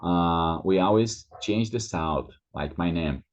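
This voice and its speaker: A man with a Brazilian Portuguese accent teaching pronunciation, repeating each word over and over with drawn-out vowels. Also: low-pitched. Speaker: language teacher. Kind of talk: pronunciation lesson.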